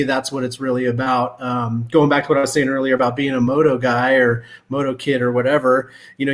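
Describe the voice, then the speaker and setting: A man guesting on a podcast, talking in an easygoing, earnest casual way. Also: medium pitch. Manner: easygoing, earnest, a few restarts. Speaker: guest, riding group co-founder. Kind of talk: casual chat.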